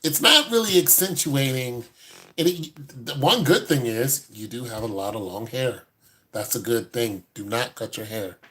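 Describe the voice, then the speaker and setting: A man giving a casual, joking critique with animated, mock-preachy asides. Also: mid-range voice, measured pace. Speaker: dating and style commentator.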